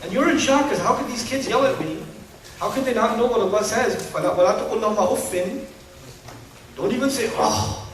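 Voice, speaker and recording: A man with a fairly high voice delivers an Islamic lecture to a live audience, animated and humorous and full of rhetorical questions. He is heard from a distance in a strongly echoing lecture hall. A faint hum of the room sits behind him. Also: brisk. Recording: echoey hall, distant mic.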